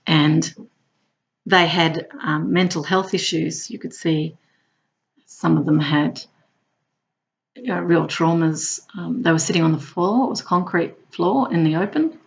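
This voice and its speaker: A woman who works as a hospital clown tells her stories playfully, now and then jumping into high squeals. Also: measured pace, vocal fry, pauses often, muffled recording. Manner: warm, playful, bursts into high squeals when acting out clowning. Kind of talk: personal storytelling.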